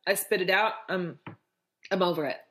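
A woman's voice: lowish voice, moderate pace, fairly bright tone. A woman co-hosting a podcast in casual faith-based chat, earnest and emphatic, repeating her points. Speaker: podcast co-host.

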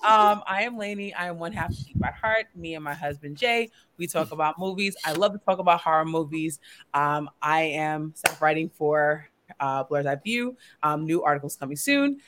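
A woman's voice: deep voice, expressive, moderate pace. Woman doing a casual intro, lots of ums, noisy line behind her. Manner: hesitant, with many ums. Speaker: podcast guest. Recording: background noise.

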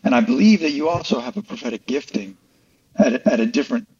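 Speaking fast with big pitch swings, a man with a high, creaky, darkish voice and a breathy edge explains his faith as an interview guest. He's earnest and explanatory, restarting often, and the recording sounds distant and muffled.

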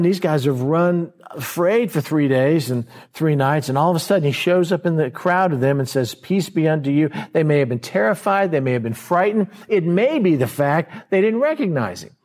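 A man preaching a verse-by-verse sermon in a conversational way, slowing down to stress key words and acting out scenes in quoted voices. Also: fairly high pitch, lively intonation, a little mellow. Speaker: pastor.

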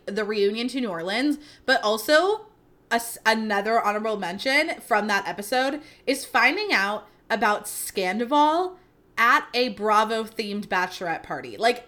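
Bright, chatty young woman podcaster. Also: a little high. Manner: chatty, self-deprecating, swears freely. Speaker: podcast host. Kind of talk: casual storytelling monologue.

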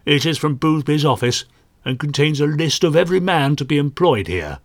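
A man's voice: mid-range voice, expressive, moderate pace, fairly bright tone, dry recording, clean studio sound. A man voicing a pompous, swaggering male police inspector who talks down to others. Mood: smug. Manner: puffed-up, condescending.

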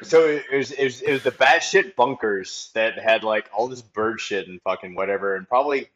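A man's voice: medium pitch, moderate pace, a bit bright, dull audio. A man in blunt, profane casual chat about old training days. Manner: blunt, swearing, joking.

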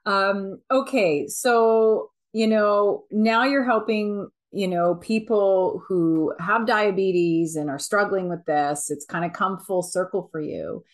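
A woman's voice: mid-range voice, takes it slowly, few pauses. A woman hosting a podcast interview, affirming and encouraging her guest as she asks questions. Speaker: podcast host. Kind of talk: interview conversation.

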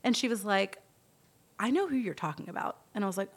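A woman's voice: mid-range voice, fast talker, slightly rough. A woman podcast host, telling a long story in casual chat and acting out the voices of the people in it. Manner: animated storyteller, acts out quoted voices, swears freely.

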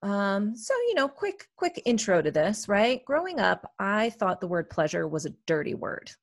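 Speaking at a moderate pace with a medium-pitched, very animated voice, a female therapist co-hosts a wellness podcast. It's a dry, studio-quality recording of casual, reflective chat with many fillers.

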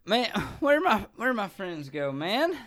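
A man voicing a very drunk young male passenger in a put-on Southern drawl, slurring loud, whiny questions. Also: high voice, very animated, slow pace, voice pushed up, full character voice. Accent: American Southern (put on).

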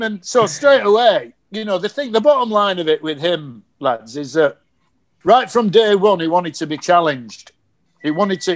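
A middle-aged man tells cricket coaching stories on a podcast. His voice sits a little high, and he acts out each quote with lots of animation. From Yorkshire, England. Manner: animated anecdotes with acted quotes. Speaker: guest, former cricket coach. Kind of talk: casual podcast storytelling.

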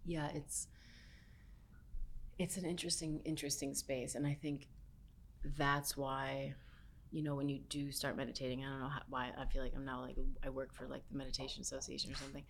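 Low-voiced woman, soft and musing. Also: flat delivery, a little fast, a little hiss or hum. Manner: soft-spoken, many "like" fillers, drifts into near-whisper. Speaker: podcast guest, health chef. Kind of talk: casual chat.

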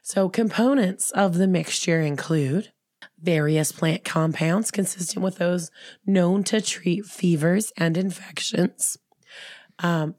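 A woman co-hosting a podcast in casual chat, her voice hoarse from a cold, rambling with fillers and restarts. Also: lowish voice, a little mellow, dry recording, studio quality. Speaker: podcast co-host.

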